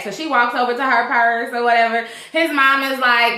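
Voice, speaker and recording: A young woman recapping a TV episode in a casual, profane, animated vlog, acting out the characters' lines as she goes. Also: on the high side, normal speed, few pauses, echoey room. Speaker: TV show reviewer.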